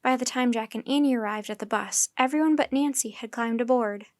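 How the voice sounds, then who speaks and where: A woman storyteller reading a children's chapter book aloud in steady, clear narration. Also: a little high, a little fast, dry recording, studio quality.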